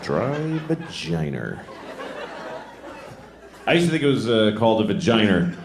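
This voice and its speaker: A man in his forties rambles through a crude, self-mocking stand-up set, his pitch swinging freely. He plays an echoey club over a loud, busy crowd. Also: animated, quick pace, background noise. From Boston. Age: 40s. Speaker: stand-up comedian. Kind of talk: stand-up comedy. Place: comedy club stage.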